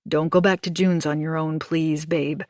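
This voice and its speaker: A woman reader voicing a steady husband who speaks in a firm, soothing way. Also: deep voice, moderate pace, no echo, studio quality, natural voice. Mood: reassuring. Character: steady reassuring husband, adult man.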